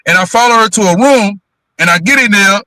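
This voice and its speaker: Brief: animated male streamer, high and bright, very expressive, dry close mic. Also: a little fast, dry recording. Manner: animated, acts out voices in stories. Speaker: co-host on a livestream. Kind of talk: casual chat, animated storytelling.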